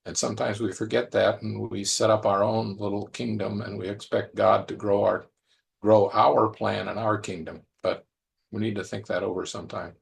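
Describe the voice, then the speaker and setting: A man with a low voice and a gravelly edge gives a sermon in a conversational tone. He reflects aloud and often repeats his phrases. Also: level tone, moderate pace, a little hiss or hum. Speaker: preacher.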